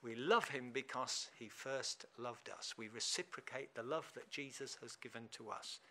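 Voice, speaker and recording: A man preaching an informal sermon in church, chatty and animated, laughing often. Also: mid-range voice, moderate pace, gravelly. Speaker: lay preacher.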